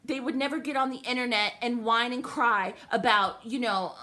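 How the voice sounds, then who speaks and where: Fiery high-pitched young woman ranting. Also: steady tone, moderate pace, pushed and bright. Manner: profane, heated, sarcastic. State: upset, livid. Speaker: vlogger. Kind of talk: angry rant to camera.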